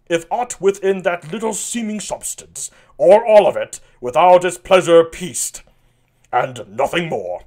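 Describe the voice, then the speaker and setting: A man reading the part of an aged, wrathful king, stately and slow, swelling into loud outbursts. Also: on the high side, pitched above the performer's own voice, full character voice. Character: aged wrathful king disowning his daughter.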